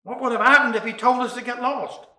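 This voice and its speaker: A man voicing a sensible, softly reproachful wife in a spoken story. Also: very high voice, steady tone, quick pace, reverberant, heavily acted.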